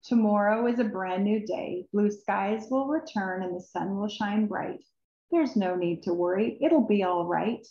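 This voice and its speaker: A woman reading her own children's book aloud, expressive and emotional, with sighs and drawn-out words. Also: medium pitch, slight background noise. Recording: roomy, dull recording.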